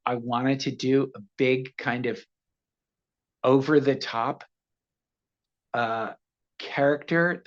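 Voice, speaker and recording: Man, 60s, guest storyteller; animated, laughs a lot, acts out voices; slightly muffled audio. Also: medium pitch. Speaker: actor guest. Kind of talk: casual interview storytelling.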